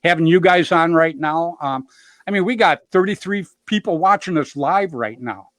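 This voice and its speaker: A man's voice: a little high, moderate pace, no echo. A middle-aged man hosting a show, telling stories in a rambling, upbeat way and dropping "you know" constantly. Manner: upbeat, jokes about himself. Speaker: show host. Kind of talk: casual storytelling chat.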